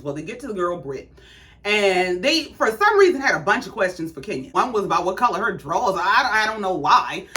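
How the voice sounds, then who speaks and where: A woman's voice: mid-range voice, fairly bright tone. Sassy, blunt woman recapping reality TV. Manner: sassy, blunt, profane storytelling. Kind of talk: casual reality show recap.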